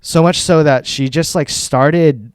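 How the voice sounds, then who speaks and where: A man's voice: a little high, slow pace, clean tone, no echo. A man co-hosting a casual podcast chat from home, rambling through stories and swearing freely. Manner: animated, swearing, rambling storyteller. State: tired. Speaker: podcast co-host. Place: home studio.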